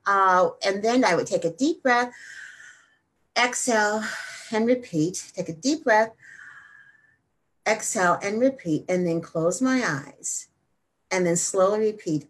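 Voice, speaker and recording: A woman hosting a wellness show, talking energetically and then slowing down to guide a simple meditation. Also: mid-range voice, animated. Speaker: wellness host.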